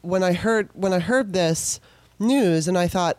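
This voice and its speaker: A woman's voice: on the low side, unhurried, a little mellow, dry recording. A middle-aged woman hosting a podcast, talking in a loose, emotional monologue with many restarts. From California. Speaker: podcast host. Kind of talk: casual monologue.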